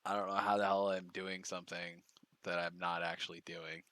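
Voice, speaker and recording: A man's voice: sits low, flat delivery, brisk, bright, forceful tone, no room sound. A man streaming, giving casual, profane, mocking commentary on clips.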